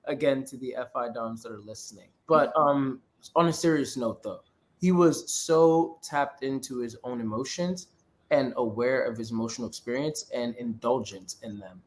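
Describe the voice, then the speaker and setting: A man's voice: medium pitch, moderate pace. A man co-hosting a podcast, casually analyzing a film and rambling with lots of filler words. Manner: rambling, frequent filler words, laughs easily. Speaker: podcast co-host.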